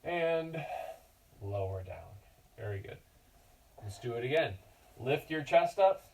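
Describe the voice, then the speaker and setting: A lively man leads a children's yoga class, his pitch bouncing up and down as he cheers the kids on. His voice is mellow and a little dark, set back from the mic. Faint noise sits under the recording. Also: slow, creaky, far from the mic, poor audio. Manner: encouraging, playful, talks to his dog.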